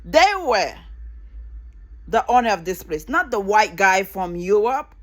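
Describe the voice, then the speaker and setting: A woman's voice: mid-range voice, big pitch swings, unhurried. A middle-aged woman vlogging an impassioned, angry political rant, repeating phrases for emphasis and swearing freely.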